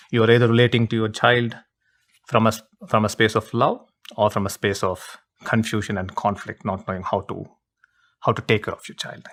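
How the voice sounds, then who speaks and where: A man guest explaining earnestly in an interview, repeating phrases with an emphatic, preaching cadence. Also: lowish voice.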